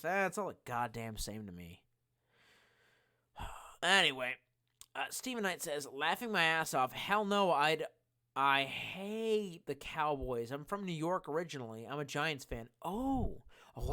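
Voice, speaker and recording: A drunk man streaming, reading chat aloud and rambling with constant swearing and sudden loud outbursts. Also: a little high, very animated, normal speed. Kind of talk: casual live-stream chat.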